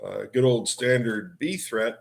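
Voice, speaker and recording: A man's voice: medium pitch, measured pace, gravelly. Pittsburgh guy telling a rambly story, laughing along, mid voice. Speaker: co-host. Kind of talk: casual storytelling.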